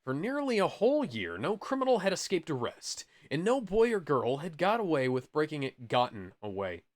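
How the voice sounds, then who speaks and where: A man's voice: on the high side, huge pitch swings, moderate pace. A man co-hosting a podcast, reading a kids' book aloud and stopping for asides and corrections. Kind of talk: casual comic read-aloud.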